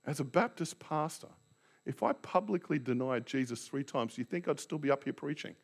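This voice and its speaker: A man's voice: medium pitch, a little fast, gravelly. A man preaching a sermon as a Baptist pastor, telling the story dramatically and acting out the scenes.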